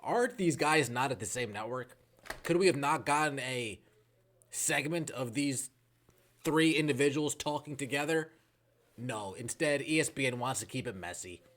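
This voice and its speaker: A man's voice: medium pitch, animated, normal speed, a bit bright. A man hosting a podcast, giving opinionated, sarcastic commentary on sports media clips. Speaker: podcast host.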